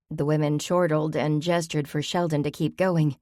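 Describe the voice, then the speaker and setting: A woman's voice: low-pitched, steady tone, normal speed, hardly any pauses, mellow, no room sound, clean studio sound. A woman narrating a cozy mystery novel with a light, wry delivery. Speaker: audiobook narrator. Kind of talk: scripted narration.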